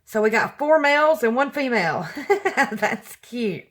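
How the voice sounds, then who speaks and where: A middle-aged woman chatting through a craft mail unboxing, gushing, her voice jumping up high when she gets excited. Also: a little slow. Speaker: craft vlogger. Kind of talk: casual unboxing chat.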